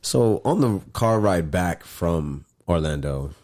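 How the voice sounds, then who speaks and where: A young man with a very low, deep voice hosts a casual podcast. He rambles in loose, animated bursts and swears freely as he talks. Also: slow. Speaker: podcast host. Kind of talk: casual chat.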